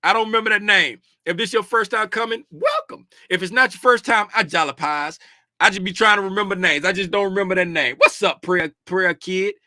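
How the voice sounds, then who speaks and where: A middle-aged man talks through futures charts on a casual livestream. His voice sits high and sounds bright, and he keeps it loose and slangy, greeting the chat and laughing along. The sound is dry, with little room echo. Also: expressive, fairly quick. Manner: chatty, greets viewers by name and laughs often; easygoing slangy talk. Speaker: livestream host reviewing futures markets. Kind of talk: casual livestream market commentary.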